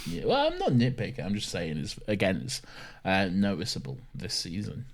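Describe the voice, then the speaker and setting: A man's voice: sits low, huge pitch swings, normal speed. A man co-hosting a podcast in casual chat, teasing his co-host and laughing often.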